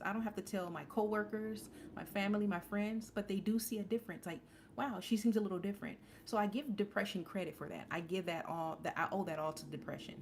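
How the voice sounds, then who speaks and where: A woman's voice: fairly low pitch, slight background noise. A woman in her forties hosting a casual live stream, talking candidly and rambling with restarts and fillers. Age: 40s. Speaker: livestream host.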